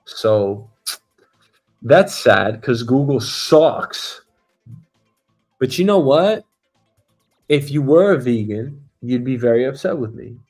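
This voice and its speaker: A man's voice: mid-range voice, slow, long pauses, husky, faint music behind. Blunt, profane man ranting casually. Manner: blunt, profane, animated with mock voices. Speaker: show host. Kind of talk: casual opinionated commentary.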